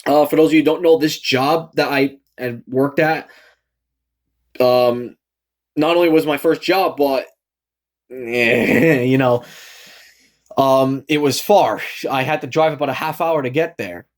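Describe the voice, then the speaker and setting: A man's voice: mid-range voice, a little slow, pauses often. A young man from Massachusetts telling a story in a casual rant, rambling with lots of fillers and restarts, acting out what people said. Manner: animated, acts out quoted lines. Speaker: vlogger.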